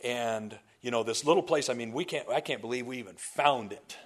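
A man preaching from the pulpit and telling stories to his congregation. His delivery is animated and conversational, full of asides and restarted sentences. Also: medium pitch, a little fast. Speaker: pastor. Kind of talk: sermon storytelling.

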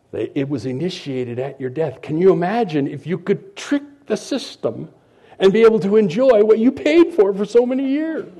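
Male pastor, middle-aged, husky and mellow tone, lively sermon delivery with loud peaks and hushed asides. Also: high-pitched, normal speed. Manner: animated preaching, swings from loud emphasis to quiet asides.

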